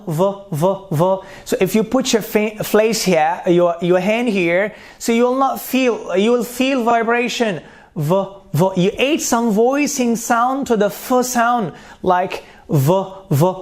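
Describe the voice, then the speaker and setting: A man teaching pronunciation, repeating terms and sounding out consonants one by one. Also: sits high. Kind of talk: slow spoken lesson.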